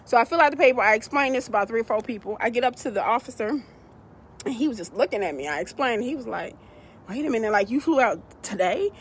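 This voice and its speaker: A woman telling a travel story to her viewers in a casual vlog, animated, calling them y'all. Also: fairly high pitch, fast talker, a little hiss or hum. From United States. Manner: animated, addresses viewers as y'all, acts out quoted people.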